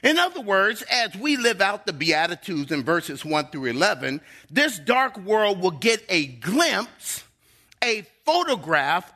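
A man's voice: high-pitched, sharp tone. A middle-aged male pastor preaching a sermon in a church, emphatic and drawing out key words.

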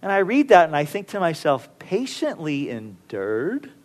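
Guy preaching, high voice, chatty storytelling, does little voices for the people in the story. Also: lively intonation, fast talker. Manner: storytelling with playful character voices. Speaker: pastor. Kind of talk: sermon.

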